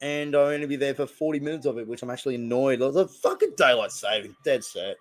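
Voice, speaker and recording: Fast and mid-range in voice, a young Australian man gives casual live commentary as host of a stream watch-along. He reacts to plays and meanders from one topic to the next.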